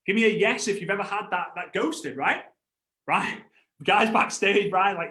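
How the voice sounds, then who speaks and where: A man in his thirties giving an animated network marketing training talk. He tells stories, acts out other voices, and breaks into laughs and shouts. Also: high-pitched, moderate pace, roomy sound. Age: 30s.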